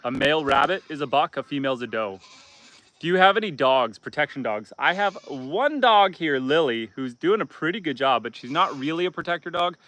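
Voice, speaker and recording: A man's voice: on the high side, expressive, a little fast, a bit bright, dry recording. Chatty homesteader man outdoors. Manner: chatty, talks to his goats and reads out viewer comments. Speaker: homesteader hosting a live stream. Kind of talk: casual live-stream chat. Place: outdoors on a homestead among goats.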